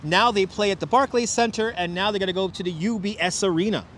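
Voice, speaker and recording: High-voiced Brooklyn man streaming outdoors. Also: quick pace, fairly bright tone, slight background noise. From Brooklyn, New York. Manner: chatty, reads out viewer names and jokes with chat. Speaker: live-stream host. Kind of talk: live-stream walking tour chat. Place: outdoors on a city waterfront. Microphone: wireless clip-on mic.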